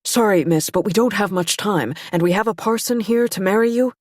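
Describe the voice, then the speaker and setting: Brief: woman reading polite sailor in a rush, husky, apologetic. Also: high voice, fairly quick, no echo, clean studio sound, voice pushed up. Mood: urgent. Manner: urgent and apologetic. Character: hurried, polite male sailor.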